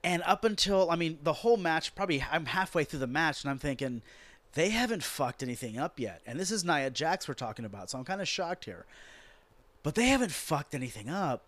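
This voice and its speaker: A man's voice: on the high side, brisk, dry recording. A man hosting a podcast, recapping a wrestling show as a profane, exasperated rant told like a story. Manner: exasperated, sweary, animated storytelling. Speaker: podcast host.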